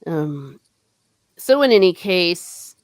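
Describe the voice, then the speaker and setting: A woman hosting a casual book discussion, excitedly retelling the story and gushing over her favorite parts. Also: fairly low pitch, slow pace, dry recording.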